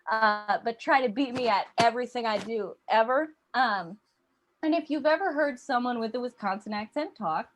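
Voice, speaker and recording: A young woman performing a stand-up comedy set, chatty and self-deprecating, with frequent ums. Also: on the high side. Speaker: stand-up comic.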